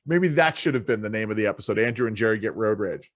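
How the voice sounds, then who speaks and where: A man's voice: fairly low pitch, lively intonation, fast, dry recording. Chatty male talk show host, dry sound. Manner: rambling, with frequent restarts and laughs. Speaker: podcast co-host. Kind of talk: casual political talk show chat.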